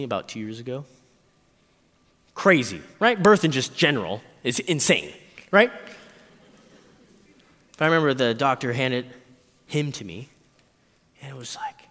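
A man's voice: medium pitch, in a large hall. A man preaching a sermon, telling stories with big voice swings and frequent asides to the audience. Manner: animated storytelling with quick voice swings, frequent "right?".

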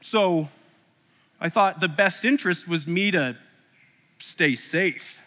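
A man's voice: sits high, slow pace, pushed and bright, exaggerated voice. A man doing a blunt, self-serving shepherd boy. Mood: matter-of-fact. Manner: blunt and offhand. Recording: echoey hall.

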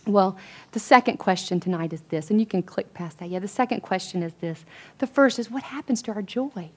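Woman, earnest, chatty sermon, middle pitch, fillers and restarts. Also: expressive, brisk. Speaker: women's Bible study speaker. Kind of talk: conversational sermon.

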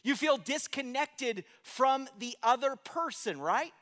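A man's voice: extremely high pitch, expressive, slow, a bit bright, long reverb tail. A man preaching a sermon as pastor, telling the story conversationally and asking rhetorical questions.

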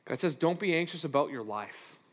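A man preaching a sermon as a pastor, animated and playful, swinging from loud to hushed with self-deprecating asides. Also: a little high, brisk. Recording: reverberant hall.

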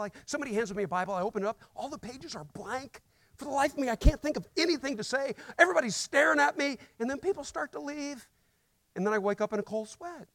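A man preaching a sermon to a congregation, telling stories in a conversational way with rhetorical questions and building to loud emphasis. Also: very high-pitched, expressive, quick pace, no echo. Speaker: guest preacher. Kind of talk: sermon with storytelling. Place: church.

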